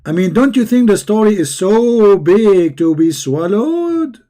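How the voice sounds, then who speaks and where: Combative, mocking man with a mellow voice. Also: high-pitched, big pitch swings, a little slow. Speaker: religious debate host. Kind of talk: live online debate commentary.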